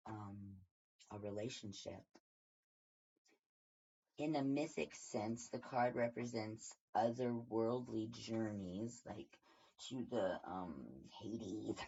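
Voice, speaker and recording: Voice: mid-range voice, dark tone, husky. A tarot reader giving a casual daily reading from home, rambling and thinking aloud with many fillers. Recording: dull lo-fi recording.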